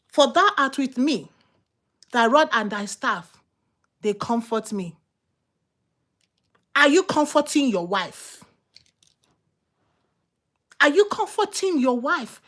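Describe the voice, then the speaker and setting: Fired-up woman preaching. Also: high voice. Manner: fired-up, emphatic, repeats rhetorical questions. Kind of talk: sermon.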